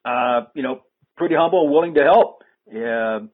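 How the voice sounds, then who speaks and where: A man's voice: mid-range voice, moderate pace. A man hosting a casual conversation, rambling and hesitant with frequent restarts. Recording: phone-like lo-fi line.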